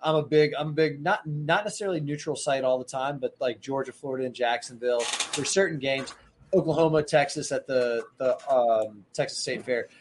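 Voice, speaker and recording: Brief: male co-host, rambling and jokey, mid-pitched, faint hiss behind. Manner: rambling, jokey, quick restarts. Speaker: podcast co-host. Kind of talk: casual sports chat.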